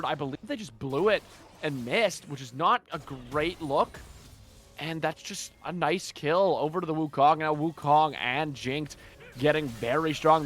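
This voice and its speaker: Man calling esports play-by-play. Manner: energetic, rises in pitch when calling the action. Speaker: esports caster. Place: broadcast booth.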